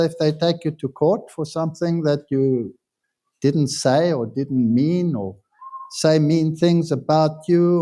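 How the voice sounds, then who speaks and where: A pastor giving a sermon in a casual, conversational way, telling stories with self-deprecating humor. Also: male voice, a little high, warm tone. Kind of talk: anecdotal sermon talk.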